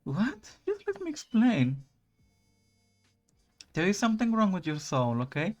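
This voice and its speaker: A streamer reads visual novel dialogue aloud as a grim reaper, an aloof, blunt, sarcastic male character, delivering dry, exasperated put-downs. He uses a medium pitch raised above his own voice, with huge pitch swings and an unhurried pace over soft background music.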